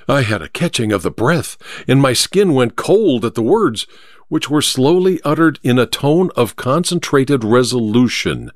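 A man narrating an audiobook in a steady, expressive storytelling manner. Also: medium pitch, no echo, clean studio sound.

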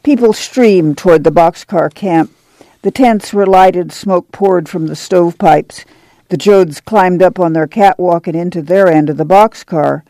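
A woman reads a novel aloud in a steady, even narration. Her voice is mellow with a gravelly edge, recorded dry and close. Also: on the low side, unhurried, no room sound. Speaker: audiobook narrator. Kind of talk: scripted narration.

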